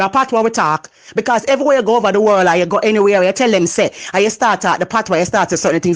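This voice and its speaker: Jamaican woman, motivational speaker, loud, passionate, patois-laced talk. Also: mid-range voice. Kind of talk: motivational monologue.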